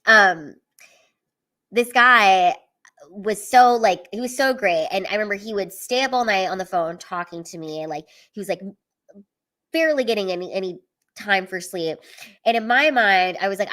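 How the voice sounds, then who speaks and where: A woman's voice: medium pitch, moderate pace, bright, forceful tone. A woman stand-up comedian telling personal stories at home in a candid, chatty way, filling her talk with "like" and casual swearing. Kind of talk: candid storytelling livestream.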